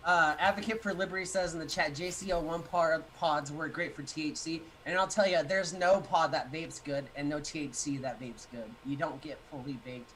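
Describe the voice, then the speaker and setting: High bright-voiced joking man. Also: steady tone, normal speed, few pauses, a little hiss or hum, poor audio. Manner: joking, laughs often. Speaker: co-host reading the chat. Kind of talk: casual podcast banter.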